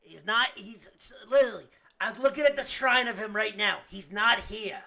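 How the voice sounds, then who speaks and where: A man's voice: sits high, normal speed, creaky, pushed and bright. A man co-hosting a podcast, trading crude improvised comedy banter in a stammering, rambling, profane way. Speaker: podcast co-host.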